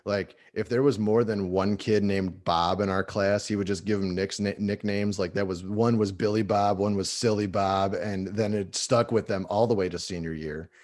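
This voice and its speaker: A man in his thirties with a fairly low voice, talking as a podcast guest. He tells his stories in a loose, profane, animated way. The talk is a casual comedy chat. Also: moderate pace, hardly any pauses.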